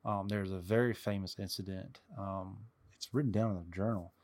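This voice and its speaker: A man's voice: sits low, fairly even intonation, moderate pace, darkish tone. A man on a casual podcast, rambling through history anecdotes with many fillers. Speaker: co-host, history buff.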